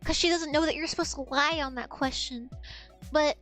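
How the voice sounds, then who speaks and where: Very high-voiced woman telling stories. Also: moderate pace, faint music behind. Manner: animated, profane, laughing storyteller. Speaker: streamer. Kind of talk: casual storytelling on a livestream.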